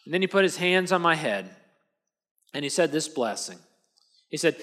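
A man's voice: on the high side, sing-song, moderate pace, pauses often, fairly bright tone. A man delivering a first-person dramatic monologue in a casual storytelling manner, full of tag questions and restarts.

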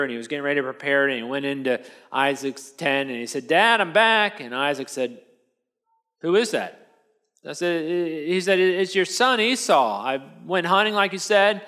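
A man's voice: fairly high pitch, a bit bright. A man delivering a first-person dramatic monologue in a casual storytelling manner, full of tag questions and restarts.

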